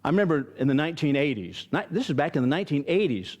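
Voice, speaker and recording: A man's voice: on the high side, big pitch swings, fast talker, a little mellow. An older man from Arizona teaching a Bible study, emphatic and firing rhetorical questions at his listeners.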